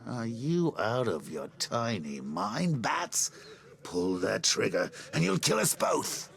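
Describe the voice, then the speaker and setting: An actor playing a manic, taunting male clown villain with a gravelly voice in a video game. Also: lowish voice, sing-song, slow, a bit bright, heavily acted. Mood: mocking. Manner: taunting, theatrical, giggly.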